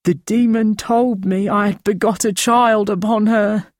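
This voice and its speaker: A frightened, feverish peasant man with a thin, rasping voice pitched well up and trembling , as a male audiobook reader puts him on. He pleads slowly and shakily, close to tears. The recording is dry and close. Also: steady tone, no room sound. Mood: haunted. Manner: pleading, shaky and tearful. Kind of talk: audiobook character voice.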